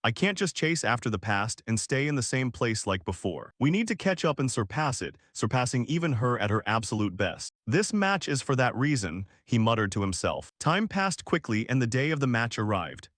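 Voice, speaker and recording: Man, scripted story narration, lively pitch, dry recording. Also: a little fast, hardly any pauses, dry recording. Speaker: recap narrator.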